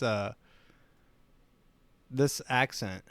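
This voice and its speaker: A man's voice: mid-range voice, lively intonation, measured pace, no room sound, faint music behind. A man hosting a casual solo talk show, rambling with many restarts. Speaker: host.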